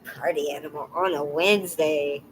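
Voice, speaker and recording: Teary soft-spoken woman streamer. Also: deep voice, steady tone, slight background noise, low-quality recording. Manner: halting, soft, often trailing into a whisper. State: teary and emotional. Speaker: live streamer. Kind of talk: casual live stream chat with viewers.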